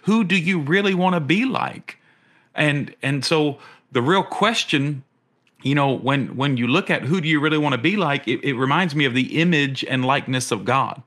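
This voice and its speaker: A middle-aged man preaching a sermon as a pastor, earnest, often repeating his words and rising in pitch when he asks questions. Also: normal speed, fairly bright tone.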